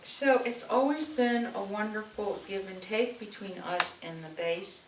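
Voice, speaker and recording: A woman speaks unhurriedly in a medium pitch, reminiscing warmly at a local anniversary celebration. Her personal anecdotes come across as a public address. Sound is echoey, with a distant mic and a little background noise.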